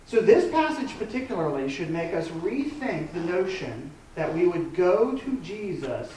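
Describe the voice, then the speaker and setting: A man's voice: high-pitched, sing-song, a little slow, a little mellow, slight background noise. A man in his thirties preaching a sermon as a pastor, talking in a loose, conversational way with frequent restarts. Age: 30s. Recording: echoey room from a distant mic.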